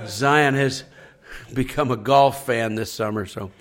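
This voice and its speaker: A man's voice: mid-range voice, lively intonation, slow pace, a bit bright. A man who is a pastor, talking earnestly on a faith podcast, repeating his points and acting out people's complaints. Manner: earnest, repetitive preaching with acted-out complaining quotes.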